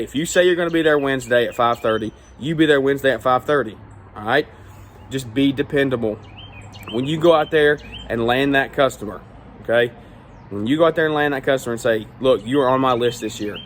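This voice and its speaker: A man with a medium-pitched voice, who owns a small lawn care business, gives straight-talking advice in a casual vlog. He tags his points with "all right?" and "okay?" A little hiss or hum can be heard.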